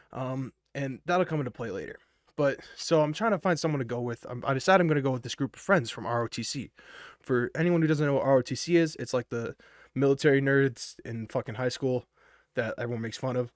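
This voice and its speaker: A young man, wired on energy drinks, rambles through a profane personal story full of fillers and restarts. His voice sits at an ordinary middle pitch, recorded dry and close with no room sound.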